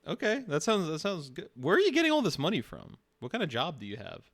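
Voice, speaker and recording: A man's voice: on the high side, wildly swooping pitch, fast, a bit bright. A man live streaming, chatting casually and teasing, often laughing.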